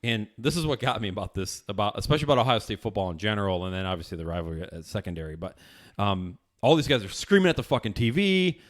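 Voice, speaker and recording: A man chatting casually on a podcast, telling stories and acting out other people's shouted lines. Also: on the low side, fast. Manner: animated storyteller, acts out quotes loudly. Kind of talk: casual chat.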